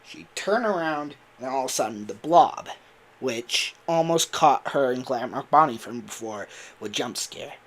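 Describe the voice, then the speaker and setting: A voice actor chats casually on his livestream, rambling and laughing with lots of fillers. His mid-range voice has lively intonation and a fairly bright tone, and he takes his time.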